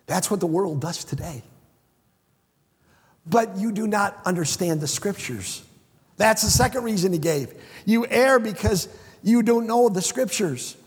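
A man preaching a sermon, emphatic, repeating phrases and swinging between hushed and shouted lines. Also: high-pitched, expressive, a little slow, husky. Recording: echoey hall with long reverb.

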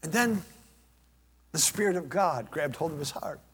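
An older man preaching a sermon as pastor, impassioned, rising to shouts and dropping to near whispers. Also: fairly high pitch, lively intonation, normal speed, slightly rough, long reverb tail.

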